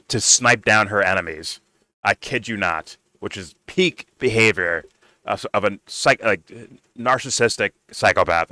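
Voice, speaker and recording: A man giving casual, profane reaction commentary on video clips, excitable and laughing often. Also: on the low side, no echo. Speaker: reaction streamer.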